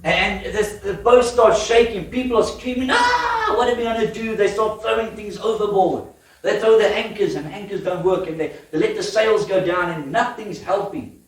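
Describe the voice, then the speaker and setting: Male preacher, high-pitched, animated storytelling sermon; distant mic in a reverberant church hall. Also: normal speed. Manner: lively storytelling with laughs and questions to the congregation. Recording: echoey church hall from afar.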